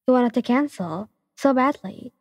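A young woman softly narrating a second-person ASMR fan story in an even reading voice. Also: fairly high pitch, normal speed. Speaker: fanfiction reader. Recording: long reverb.

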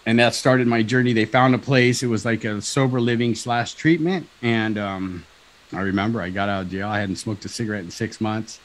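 A man in his fifties from Southern California, a talk show guest telling a personal story in an animated way, acting out dialogue and often asking "right?". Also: fairly low pitch, a little fast, poor audio. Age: 50s.

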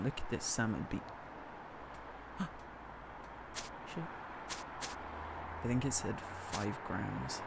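A man's voice: on the low side, takes it slowly, vocal fry, pauses often, very noisy. A man from northern England streaming a cooking game, chatting casually, thanking viewers by name and joking about himself. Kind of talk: casual live-stream chat.

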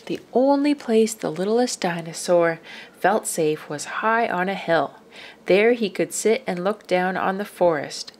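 A woman reading a children's picture book aloud, expressive and dropping to whispers for suspense. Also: lowish voice, measured pace, slight background noise. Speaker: storyteller.

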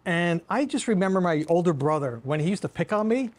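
A man's voice: high voice, expressive, brisk. A man co-hosting a film review show, telling stories with enthusiasm and animation. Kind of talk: casual chat. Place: production studio.

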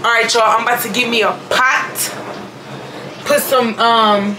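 A woman's voice: on the high side, steady tone, unhurried, background noise. A young woman chatting playfully to viewers while cooking dinner in her home kitchen, sounding sleepy with a slightly worn voice. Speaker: vlogger. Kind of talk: casual cooking vlog.

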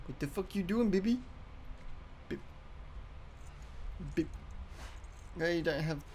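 A streamer giving live gameplay commentary, reacting excitably with plenty of swearing and reading out chat messages. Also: medium pitch, creaky, slight background noise.

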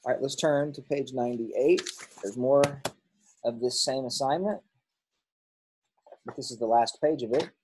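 Teaching grammar, this man talks through the workbook answers, reasoning aloud and fixing his own mistakes as he goes. He speaks at a moderate pace with long pauses in a mid-range voice, and the poor audio carries a little hiss or hum.

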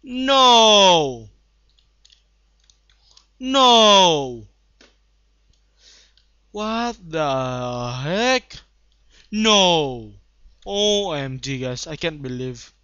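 A young man giving live gameplay commentary, bursting into excited shouts and then muttering low asides. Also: extremely slow, clear, resonant tone, dry recording. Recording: dull lo-fi home recording.

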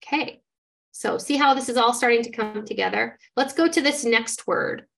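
A woman's voice: a little high, moderate pace, vocal fry, a bit bright. A woman giving an instructional demonstration as a literacy trainer, modeling how to decode words step by step in an encouraging way.

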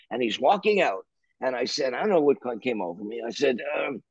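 Older canadian guy telling a rambling story, husky voice, lots of restarts, dull dry sound. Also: mid-range voice, brisk, no echo. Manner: animated, rambling, restarts and swears. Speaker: interview guest, musician. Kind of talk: anecdotal storytelling.

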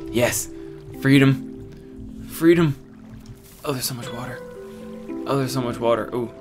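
A young man giving casual, excitable commentary while he plays a game, laughing and thinking aloud. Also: medium pitch, normal speed, over music. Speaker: gamer.

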